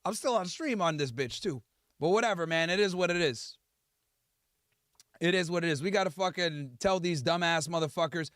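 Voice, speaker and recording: A man with a high voice that swings widely as he rants through a livestream. He curses freely and mocks his critics with heat, and his voice sounds close and dry. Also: lively intonation, fairly quick, a bit bright, dry recording. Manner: profane, heated, mocking. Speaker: livestream host. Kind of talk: livestream rant.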